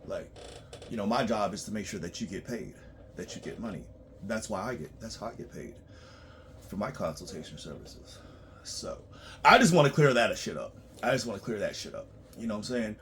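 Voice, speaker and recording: A man working as a tax preparer, ranting bluntly and profanely in a monologue, swinging between loud outbursts and low muttering. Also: lively intonation, fairly quick, slight background noise.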